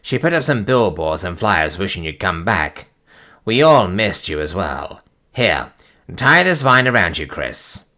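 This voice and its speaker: A loyal creature helper from a comic speaks earnestly and plainly, as a man reads it on a live stream. The voice sits low with a bright edge. There is little put-on about it. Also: very animated, a little slow, exaggerated voice.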